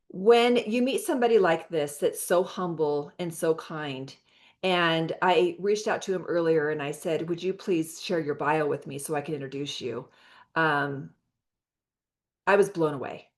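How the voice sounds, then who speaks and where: An American woman with a somewhat low voice pitches skincare products on a video call. She talks eagerly and loosely, stumbling and restarting as she goes. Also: unhurried. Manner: chatty, many fillers and restarts. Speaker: host of a product presentation call.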